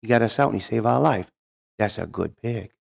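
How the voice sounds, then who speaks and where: A man's voice: fairly low pitch, expressive, a little fast, creaky, full character voice. A man voicing a proud old village chief who talks in broken English.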